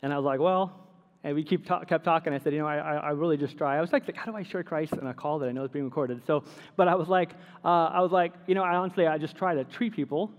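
A male pastor preaching a sermon, telling everyday stories in a lively, animated way and laughing at his own anecdotes. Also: fairly high pitch, fast talker, in a large hall, highs cut off.

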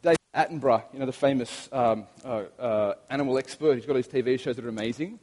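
A pastor in his thirties delivers a sermon with prayer, telling stories in a chatty way and often restarting his sentences. His mid-range voice is a little mellow, and he talks fast. The long reverb of a large hall surrounds him.

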